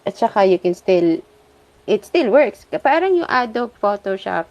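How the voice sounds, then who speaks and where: A woman's voice: mid-range voice, big pitch swings, normal speed, darkish tone, muffled recording. A woman with a Filipino accent, co-hosting a podcast in chatty, casual talk that mixes Filipino and English. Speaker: podcast co-host. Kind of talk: casual chat.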